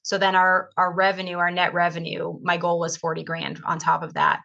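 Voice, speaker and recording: A woman's voice: monotone, fairly quick, creaky, bright, forceful tone, lo-fi sound. A woman guest on a podcast, talking over a video call in a chatty, rambling way with lots of fillers. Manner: chatty, rambling, acts out quoted dialogue with big pitch jumps. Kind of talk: casual storytelling interview.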